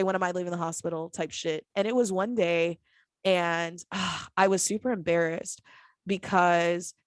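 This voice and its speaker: A woman's voice: fairly low pitch, dry recording. A woman in her twenties hosting a podcast, talking frankly and profanely with frequent laughs and acted-out quotes. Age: 20s. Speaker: podcast host. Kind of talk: candid casual chat.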